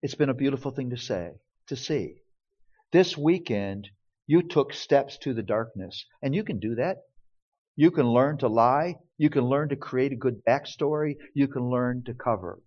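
A man's voice: medium pitch, expressive, moderate pace. A man speaking as a pastor, telling a family story in earnest sermon style and acting out the quoted dialogue. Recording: dull lo-fi recording.

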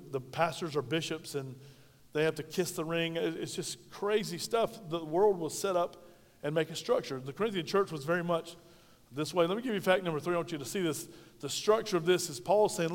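A pastor preaching a sermon in a folksy, direct way, talking to his congregation. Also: a little high. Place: church sanctuary. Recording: reverberant church hall.

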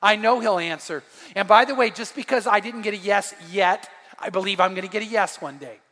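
A man's voice: sits high, a little fast, pushed and bright. A middle-aged man preaching a sermon as pastor, earnest and building to fervent emphasis. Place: church sanctuary. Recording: long echo of a large church hall.

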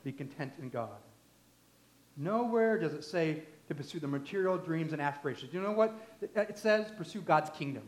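Male preacher, emphatic sermon delivery, high pitch, echoey room. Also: expressive, fairly quick, hardly any pauses. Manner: emphatic, swinging from loud to hushed.

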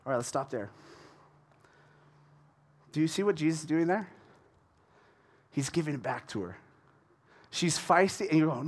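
A man from the United States preaching a conversational sermon in an animated way, acting out the people in his story. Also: fairly high pitch, normal speed, long pauses.

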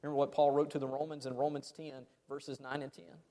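A man's voice: mid-range voice, level tone, quick pace, warm tone. A man preaching a sermon, dramatic, letting his phrases fade off almost to silence. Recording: long hall reverb.

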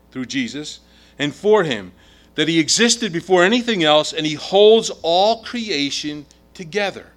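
A man's voice: fairly high pitch, a bit bright. A middle-aged man preaching a sermon in an emphatic way, his volume rising and falling. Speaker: pastor.

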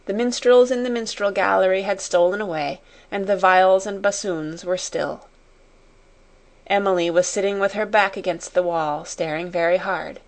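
A woman reading a classic story aloud in a measured, expressive way. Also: medium pitch. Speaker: audiobook narrator. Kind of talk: scripted storybook narration.

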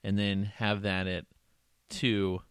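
A man in casual conversation, tossing out playful what-if jokes and rambling stories. His voice sits a bit low, and the sound is close and dry, with no room echo. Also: level tone, slow pace, clean tone. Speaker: co-host. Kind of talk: casual chat.

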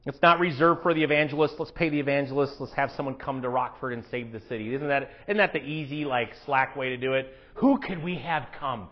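A man preaching a sermon in church, animated, swinging between hushed asides and loud emphatic lines. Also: mid-range voice, fast, few pauses, highs cut off. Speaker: pastor.

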